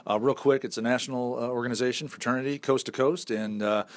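A man's voice: medium pitch, fairly even intonation, fast. A man with a Northern accent hosts an interview show for radio. His voice sits in the middle range, and his manner is upbeat and joking.

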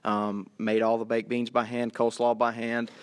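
Flat-voiced young male student. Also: medium pitch, moderate pace, smooth, dry recording. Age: young adult. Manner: polite, steady explaining. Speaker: student guest. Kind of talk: interview answers.

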